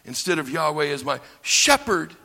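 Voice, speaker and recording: A man from the United States teaching scripture in a bright, ringing voice that sits a little high. He speaks slowly and with weight, pausing for effect and building his lines up. The sound carries a long reverb from a large hall. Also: very animated, gravelly. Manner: slow, emphatic delivery with dramatic pauses and swells. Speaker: Bible teacher. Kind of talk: lecture on scripture.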